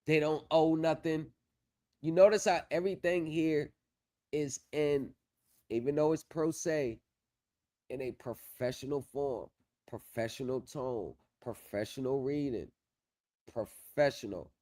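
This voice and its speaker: A man's voice: a little high, unhurried, mellow. Confident man hosting a casual livestream. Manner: confident, repetitive, drifts off while working the screen. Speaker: livestream host on pro se legal help.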